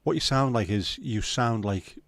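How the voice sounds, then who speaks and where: A man's voice: mid-range voice, lively intonation, unhurried, fairly bright tone, no echo. A man with a Liverpool accent hosting a livestream, chatting casually and bluntly with plenty of swearing while reading viewer comments. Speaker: livestream host.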